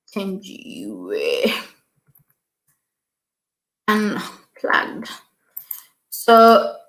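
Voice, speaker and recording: A woman's voice: on the high side, fairly bright tone, roomy sound. A woman hosting a casual YouTube live stream, chatting, reading viewer comments aloud and repeating her thanks.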